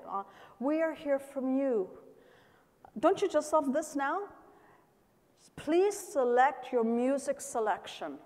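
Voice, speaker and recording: A woman pastor preaching a sermon with fervor, breaking into shouted exclamations and acted-out pleas. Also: mid-range voice. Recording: long hall reverb.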